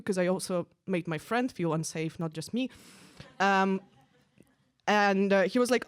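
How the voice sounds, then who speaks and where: A young woman telling a stand-up story into a stage mic, loose and conversational, full of little "like"s and "um"s. Her voice sits at an ordinary middle pitch. The sound is dry and close, with almost no room echo. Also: normal speed, smooth. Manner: casual, chatty, full of "like" and "um". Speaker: stand-up comedian. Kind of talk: stand-up comedy set. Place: stage at a live event.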